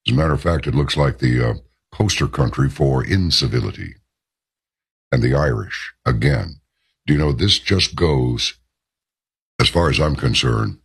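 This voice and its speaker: A man hosting a talk radio show in an emphatic monologue, leaning hard on the words he stresses. His voice sits very low, with a gravelly fry and a husky, raspy edge. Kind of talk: on-air opinion monologue.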